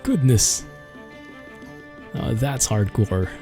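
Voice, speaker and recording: A man's voice: mid-range voice, lively intonation, drawn-out words, warm tone, soft background music. A man streaming a flight simulator, chatting in a rambling, amused way as he flies and talks to viewers. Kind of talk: casual gameplay commentary.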